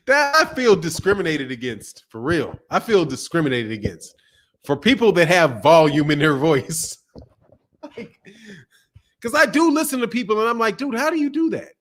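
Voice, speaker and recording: A man's voice: on the high side, big pitch swings, unhurried, pauses often, a bit bright. A young man hosting a boxing live stream in loose, laughing, profane banter while reading out chat messages. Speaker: boxing channel host.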